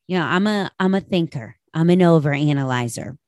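A woman in her late thirties talks through a personal reflection with her audience, open and confessional. Her voice sits low, and the recording is close and dry, with no room sound around her. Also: animated, a little fast, hardly any pauses, darkish tone, no room sound. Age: 30s. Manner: candid, confessional, addresses listeners directly. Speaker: podcast host.

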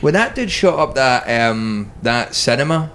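A man's voice: mid-range voice, lively intonation, unhurried, fairly bright tone, a little hiss or hum. Male host, crude joking banter, casual podcast chat.

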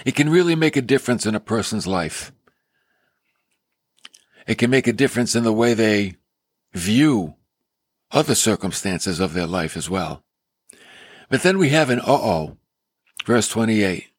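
A man preaching a sermon, retelling a parable with animated storytelling and acting out the characters. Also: fairly low pitch, measured pace, pauses often, dry recording.

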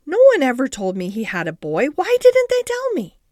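A woman's voice: a little high, sing-song, normal speed, no room sound, clean studio sound. A woman voicing a blunt, curious young girl in an audiobook, direct and questioning.

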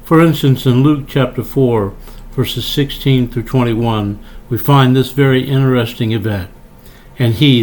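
A man preaching a sermon, reading scripture in a measured, reverent way. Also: mid-range voice, darkish tone.

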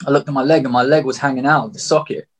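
A man's voice: mid-range voice, fairly even intonation, very fast. A young man recounting a story in loose, blunt, casual talk, swearing freely and leaning on filler words. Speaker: guest telling a story.

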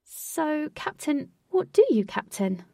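A woman's voice: high-pitched, big pitch swings, takes it slowly, gravelly, warm tone, no echo, studio quality, recorded from a distance, pitched above the performer's own voice, exaggerated voice. A woman doing an upbeat teasing young woman. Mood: playful. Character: playful, sharp young woman newcomer.

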